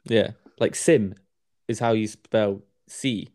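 A man's voice: fairly low pitch, steady tone, moderate pace, darkish tone. A man in casual chat, rambling with lots of swearing and stumbling restarts.

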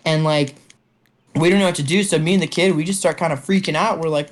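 A man's voice: fairly high pitch, fairly even intonation, fairly quick. A young man telling a long story to friends over a call, rambling with lots of fillers and swearing. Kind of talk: casual chat. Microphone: online call.

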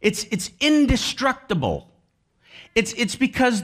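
A man's voice: high-pitched, lively intonation, a little slow, fairly bright tone. A man preaching a sermon with emphasis, repeating key phrases over and over. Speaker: pastor.

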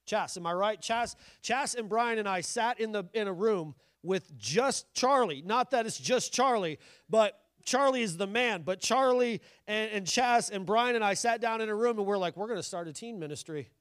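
High-voiced man preaching with jokes. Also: normal speed, few pauses, smooth, no echo, studio quality. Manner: conversational, joking, animated preaching. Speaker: pastor. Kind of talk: sermon.

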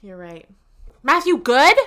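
Bright-voiced young woman co-host. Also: high-pitched, big pitch swings. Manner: chatty, quick to laugh. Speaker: podcast co-host. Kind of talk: casual chat.

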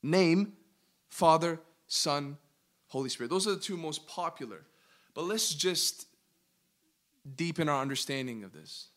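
A man teaching a Bible study as a pastor, emphatic, asking his listeners questions and slowing down to stress key words. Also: on the high side, expressive, a bit bright. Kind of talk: interactive sermon teaching.

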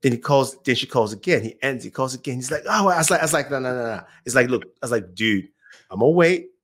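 Animated man telling stories. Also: medium pitch, fast. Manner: animated, acts out quoted voices, laughs often. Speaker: YouTuber guest. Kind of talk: casual storytelling chat.

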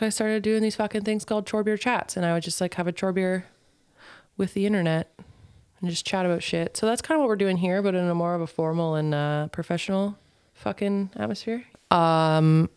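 Brief: young woman podcast host, low voice, teasing, swears a lot. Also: darkish tone, smooth, no echo, studio quality. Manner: swears freely, chatty and teasing. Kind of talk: casual couples chat.

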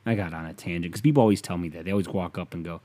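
A man's voice: low voice, very fast, dark tone. A young man from Ohio hosting a casual sports rant, profane and sarcastic.

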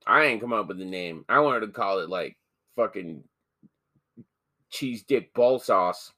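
A man's voice: lowish voice, lively intonation, unhurried, pushed and bright, no echo. A man co-hosting a podcast in casual chat, joking crudely and swearing freely. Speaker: podcast co-host.

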